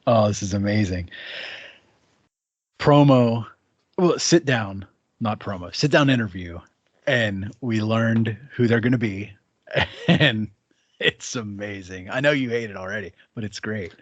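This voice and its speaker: A man's voice: on the low side, measured pace, pauses often, husky, no room sound, highs cut off. A man co-hosting a casual wrestling talk show, enthusiastic and rambling, full of fillers. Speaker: podcast co-host.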